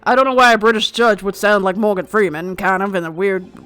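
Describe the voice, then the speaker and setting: A woman's voice: mid-range voice, steady tone, fairly quick, a bit bright. A young Scottish woman streaming a game, sarcastic and swearing freely as she plays to her viewers. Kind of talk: casual gameplay commentary. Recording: faint game music behind.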